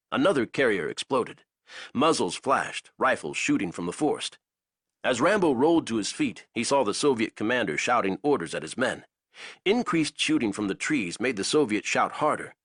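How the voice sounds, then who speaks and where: Husky, lively male audiobook narrator. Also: mid-range voice, dry recording, clean studio sound.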